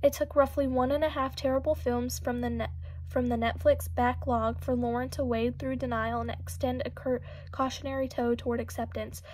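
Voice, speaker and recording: A woman reading an audiobook in a steady, even narrating manner. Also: high-pitched, normal speed, slight background noise. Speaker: audiobook reader.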